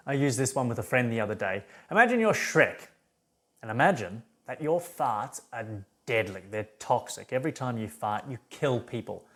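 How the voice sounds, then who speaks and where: A man's voice: medium pitch, sing-song, normal speed. A man giving an emphatic, rambling philosophy monologue full of restarts. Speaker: philosophy vlogger. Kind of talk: unscripted monologue.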